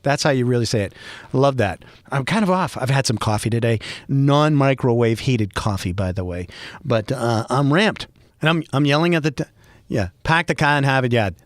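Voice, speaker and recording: A middle-aged man from Boston with a Boston accent, hosting a solo podcast and rambling with wry, self-mocking humor and bursts of mock yelling. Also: mid-range voice, lively intonation, moderate pace, no room sound, clean studio sound. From Boston, USA. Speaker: podcast host. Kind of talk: freeform solo podcast monologue.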